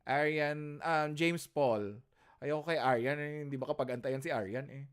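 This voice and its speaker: A man's voice: on the high side, moderate pace, clean tone. A man with a Filipino accent lecturing an online class, teasing his students and switching between English and Tagalog.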